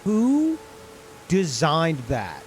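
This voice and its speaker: A man streaming a game with live commentary, swearing and incredulous, jumping between loud outbursts and low mutters. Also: huge pitch swings, very slow, a little hiss or hum.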